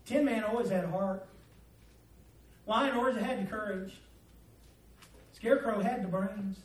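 A man delivers a homespun, story-driven sermon at a measured pace. His pitch is unusually high for a male voice and his volume lurches between booming and soft, all captured from afar with the room's echo around him.

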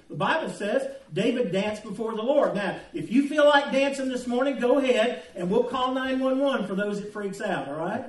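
A man preaching a sermon in a church, folksy and joking as he tells anecdotes. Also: extremely high pitch. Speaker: pastor. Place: church sanctuary. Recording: echoey room, distant mic.

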